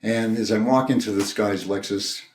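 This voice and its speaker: An older man, a minister, telling a personal story in a sermon, in a gentle, conversational, halting way with many restarts. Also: fairly low pitch, fairly even intonation. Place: church sanctuary. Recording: roomy echo.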